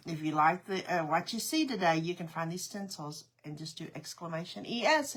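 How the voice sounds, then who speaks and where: A woman's voice: mid-range voice, fairly bright tone. A woman hosting a live craft stream, chatting casually, greeting viewers by name and laughing often. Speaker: craft livestream host. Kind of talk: casual livestream chat.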